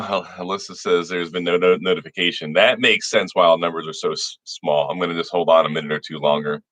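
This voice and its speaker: Here a state senator in middle age hosts a livestream with a deep, fairly bright voice and no echo. He greets viewers by name in a relaxed, folksy style, restarting his phrases frequently.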